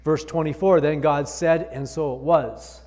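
A man's voice: a little high, steady tone, a little slow, darkish tone, big-room sound. A male pastor preaching a sermon, reading scripture aloud and explaining it with emphatic repetition.

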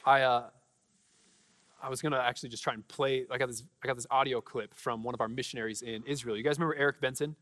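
A man's voice: medium pitch, steady tone, fast talker, a bit bright, long reverb tail, some chatter behind. A young man preaching to his church, casual and fervent, full of fillers and restarts. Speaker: pastor. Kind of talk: sermon with prayer and testimonies. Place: church sanctuary.

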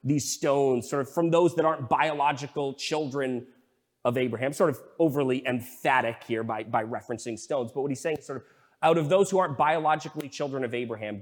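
A man's voice: mid-range voice, a little mellow, in a large hall. A male pastor giving a casual, conversational sermon, full of fillers and restarts as he explains a Bible passage.

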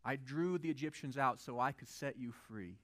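A man voicing God as a calm, assured deity speaking to his people in a sermon retelling. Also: mid-range voice, moderate pace, pitched below the performer's own voice, close to an everyday voice. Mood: reassuring.

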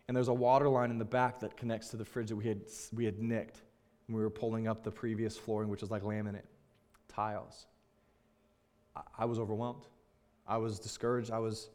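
A man's voice: medium pitch, darkish tone. A young man, a pastor, telling a personal story in a sermon, earnest and openly emotional in a candid, conversational way.

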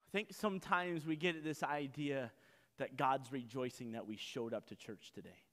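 A man preaching a sermon in an animated, conversational way, joking with his congregation. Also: medium pitch, normal speed, big-room sound. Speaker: pastor.

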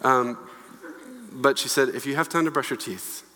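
A man preaching a conversational, lively sermon with a bright, forward tone. His voice carries a long echo from the church hall around him, and he keeps slipping in playful asides. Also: mid-range voice, normal speed. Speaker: pastor.

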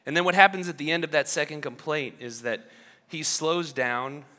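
Delivering his sermon at a moderate pace, a pastor tells stories in a rambling, conversational way, restarting and adding little asides. His fairly high, bright and forward voice echoes through a big hall's long reverb.

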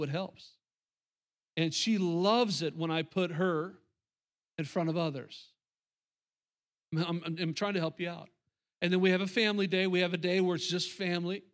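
Speaking straight to the congregation, this middle-aged male pastor delivers his sermon with emphasis and plenty of repetition. His pitch is high.

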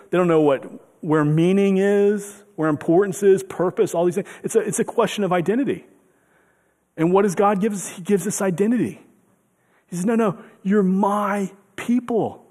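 Male pastor, mid-high voice, earnest sermon delivery, long church-hall reverb. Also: darkish tone. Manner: earnest, repeats words and restarts, voices God's words with rising emphasis.

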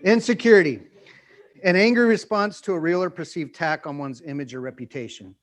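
A man preaching as a pastor, animated and acting out everyday scenes, often putting questions to his listeners. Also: a little high, fairly quick. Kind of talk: sermon teaching.

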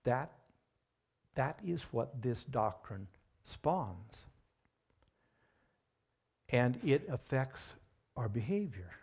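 A man preaching a sermon at an unhurried, deliberate pace. He leans hard on key words, pushing them up in pitch and volume for emphasis. His voice sits at an ordinary middle pitch. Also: very animated, a little mellow, slightly rough.

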